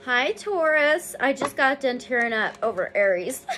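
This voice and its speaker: A woman's voice: sits high, animated, background noise. A woman giving a casual tarot reading to camera, reading card meanings and gushing with emotion over the results. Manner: reads card meanings aloud slowly. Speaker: tarot reader.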